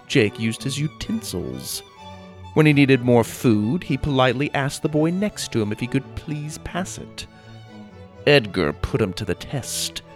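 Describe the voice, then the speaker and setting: A male narrator reading a children's story aloud with animated, expressive delivery. His pitch rises and falls in wide, lively sweeps over a mid-range voice, with faint violin music underneath.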